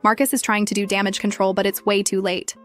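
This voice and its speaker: A young woman narrating a scripted first-person story in a brisk, dramatic way. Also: medium pitch, level tone, fairly bright tone, faint music behind.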